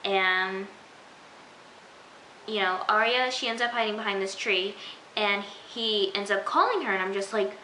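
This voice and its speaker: A woman's voice: medium pitch, measured pace, long pauses, pushed and bright. A young woman reviewing a TV episode in a casual, gushing way, chatty and full of fillers. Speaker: TV recap vlogger. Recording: echoey room with faint hiss.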